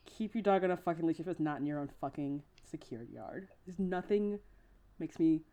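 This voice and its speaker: A woman's voice: low voice, normal speed, mellow. A woman co-hosting a casual podcast chat, heated and exasperated, swearing constantly. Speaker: podcast co-host.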